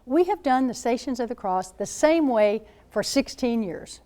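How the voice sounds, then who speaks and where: A woman in her seventies, a Catholic nun speaking to high school students as a guest speaker, telling stories in an animated way and acting out what people said. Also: normal speed. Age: 70s. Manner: animated storyteller, acts out quoted voices. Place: school gathering room.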